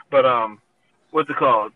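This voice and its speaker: A man's voice: medium pitch, no room sound, phone-quality sound. A man in his thirties casually telling a long personal story, laid-back and full of "you know" fillers.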